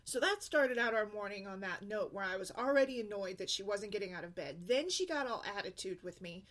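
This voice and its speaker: A woman's voice: mid-range voice, lively intonation, brisk, a bit bright. A woman talking in a casual vlog, venting bluntly and emphatically about her daughter's attitude. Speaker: single mom blogger.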